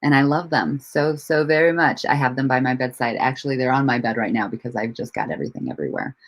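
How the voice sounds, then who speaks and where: Low-voiced woman hosting a laid-back livestream. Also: animated, quick pace. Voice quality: laughs often, swears freely, rambling restarts. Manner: greets and answers viewers from the chat. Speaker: livestream host. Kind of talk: casual livestream chat. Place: at home.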